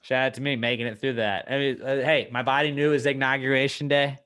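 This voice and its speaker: Loud joking podcast host man. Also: mid-range voice, level tone, quick pace, clean tone. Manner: loud, joking, swears a lot, often breaks into silly put-on accents. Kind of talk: casual comedic chat.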